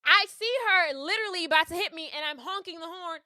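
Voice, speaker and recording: A woman telling a story as a podcast host, animated and profane, acting out what people said. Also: very high voice, fast, no echo, studio quality. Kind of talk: casual storytelling.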